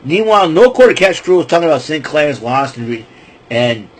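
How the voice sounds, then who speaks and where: Male podcast host, husky voice, casual rambling wrestling recap. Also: on the high side, very animated, fairly quick, rough recording. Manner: rambling, loose retelling with fillers and restarts.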